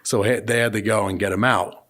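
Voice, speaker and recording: A man's voice: on the low side, steady tone, fairly quick, a bit bright. A man co-hosting a casual podcast, telling rambling stories full of swearing and acting out what people said. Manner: profane rambling storyteller, acts out quotes. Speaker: podcast co-host. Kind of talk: casual chat.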